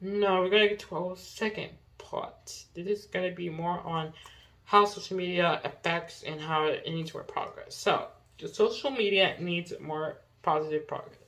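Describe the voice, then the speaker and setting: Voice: medium pitch, fairly even intonation, moderate pace, fairly bright tone, poor audio. Young rambling solo podcaster. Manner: rambling, chatty, many "like"s and self-corrections. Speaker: podcast host. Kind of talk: casual solo podcast, reading notes.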